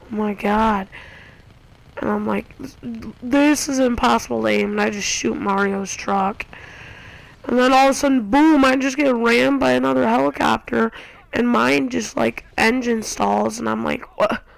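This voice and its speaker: A woman giving casual gameplay commentary, excitable and acting out her own reactions. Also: a little high, measured pace, creaky, dry recording, poor audio. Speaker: gamer. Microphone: console share recording.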